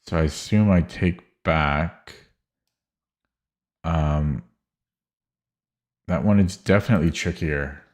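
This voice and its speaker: Low-voiced male streamer, hesitant self-talk over chess puzzles, lots of ums and restarts. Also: slow pace, pauses often, a little mellow. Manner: hesitant, muttering, many fillers and restarts. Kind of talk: thinking aloud while solving chess puzzles.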